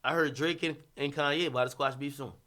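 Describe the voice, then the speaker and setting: A man hosting a livestream, ranting about hip-hop in a casual, profane, animated way with bursts of laughter. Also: fairly high pitch, quick pace.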